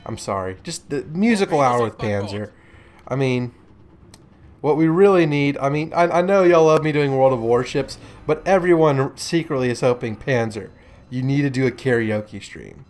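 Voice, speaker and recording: A man's voice: on the high side, fairly quick, a little mellow. A man casually commentating a warship gameplay video, chatty and joking with rambling asides.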